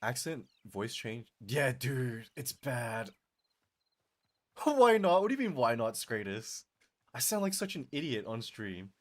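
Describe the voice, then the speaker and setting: Here a male streamer banters with his chat in an easygoing, animated way, laughing often. His voice is mid-range, with a strained, fatigued edge.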